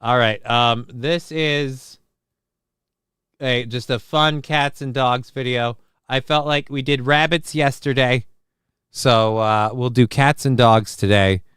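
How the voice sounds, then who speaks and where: A man's voice: mid-range voice, steady tone, takes it slowly, fairly bright tone, clear, resonant tone, no echo, clean studio sound. Sarcastic man riffing on a livestream. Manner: crude sarcastic riffing, reads chat aloud. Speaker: show host. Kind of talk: casual livestream commentary.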